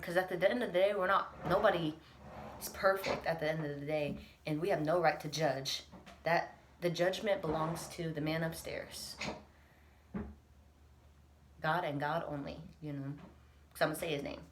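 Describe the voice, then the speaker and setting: A woman's voice: deep voice, fairly even intonation, moderate pace, slight background noise. A young woman talking candidly in a confessional vlog, earnest and reflective, choked up and close to tears. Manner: earnest, reflective, laughs through emotion. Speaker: vlogger.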